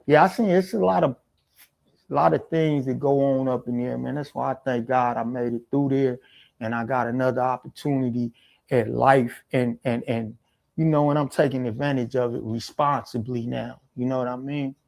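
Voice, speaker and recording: Gravelly-voiced man telling a rough story. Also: mid-range voice, steady tone, moderate pace, a little mellow. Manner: slangy, emphatic street talk. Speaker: interview guest. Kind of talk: casual storytelling.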